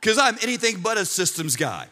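A middle-aged male pastor delivers a sermon with a high, bright voice. He tells his stories animatedly, with humor and asides to the congregation. The sound rings with the long reverb of a church sanctuary. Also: sing-song, a little fast.

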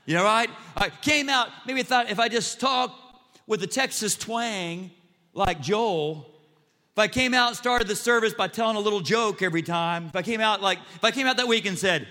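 High, bright-voiced male pastor preaching. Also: moderate pace. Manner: animated, self-mocking humor. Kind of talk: sermon. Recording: long reverb in a large church hall.

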